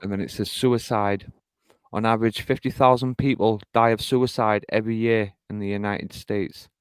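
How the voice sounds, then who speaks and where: A man's voice: on the low side, steady tone, moderate pace, smooth, dry recording. A man hosting a music review show, chatting casually in an easygoing way and reading out a notice.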